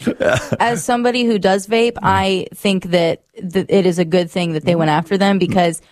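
A woman's voice: mid-range voice, steady tone, normal speed, a little mellow. A woman co-hosting a talk show, speaking frankly and earnestly. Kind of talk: casual talk show discussion.

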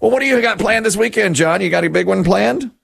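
Radio host, male, gravelly and a little husky, lively intonation, friendly banter with callers. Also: high-pitched. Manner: upbeat, quick to react and joke. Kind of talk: call-in radio chat.

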